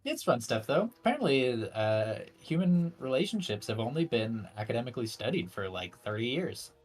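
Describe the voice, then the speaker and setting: Husky young man, wry and lively. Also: mid-range voice, normal speed. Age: young adult. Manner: wry, dry-humored, laughs often. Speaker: university student, guest on stream. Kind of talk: casual chat.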